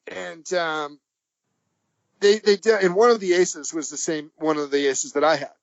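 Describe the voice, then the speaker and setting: A man on a podcast as the guest, telling a long anecdote in a rambling, halting way, chuckling as he goes. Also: on the high side, steady tone, no echo. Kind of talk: anecdotal storytelling. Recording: dull, dry lo-fi audio.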